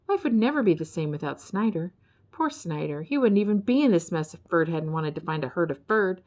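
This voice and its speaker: A woman reading a children's storybook aloud in an expressive, dramatic storytelling manner. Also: on the low side. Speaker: storybook reader.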